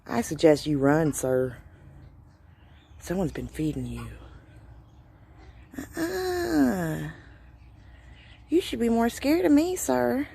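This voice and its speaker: A woman's voice: deep voice, very animated, a little slow, gravelly, warm tone, slight background noise. A woman filming on her phone outdoors at home, casually scolding and trash-talking a stray bird. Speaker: vlogger. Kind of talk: casual phone-video commentary.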